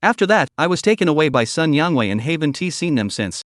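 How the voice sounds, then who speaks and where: A man's voice: fairly high pitch, big pitch swings, brisk, no room sound, clean studio sound. A man voicing a proud, wounded young woman who sounds defensive and pleading. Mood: aggrieved.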